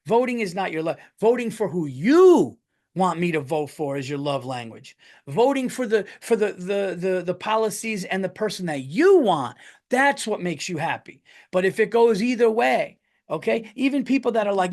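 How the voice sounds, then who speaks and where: A man's voice: sits high, expressive, normal speed, a little mellow. A middle-aged American man hosting his podcast, telling a rambling story in casual talk, swearing often and restarting his sentences. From United States. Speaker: podcast host and comedian.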